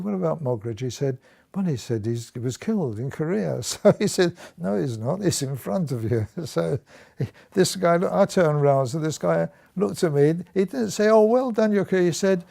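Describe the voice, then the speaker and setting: A man's voice: medium pitch, vocal fry, mellow. An older man, a war veteran, recounting his service in an oral history interview, laughing at times and restarting his sentences. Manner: storytelling with chuckles and restarts.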